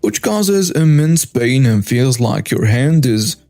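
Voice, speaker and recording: A man narrating a first-person story with wry, animated asides. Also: medium pitch, slow pace, dry recording, studio quality, faint music behind.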